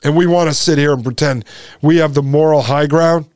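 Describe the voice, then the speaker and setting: A man's voice: on the high side, steady tone, brisk, a little mellow, no echo, studio quality. A man hosting a commentary show, reading out passages and reacting with emphatic indignation to his listeners. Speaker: podcast host. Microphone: sunglasses on camera, studio mic.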